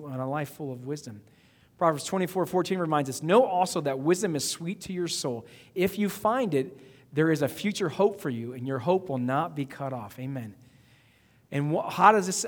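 Male pastor, fairly high voice, emphatic sermon delivery, long hall reverb. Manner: preaching with emphatic rising outbursts and quick repetitions.

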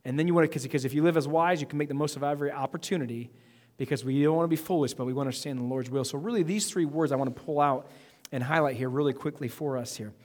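Male pastor, fairly high voice, emphatic sermon delivery, long hall reverb. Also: steady tone, darkish tone. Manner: preaching with emphatic rising outbursts and quick repetitions.

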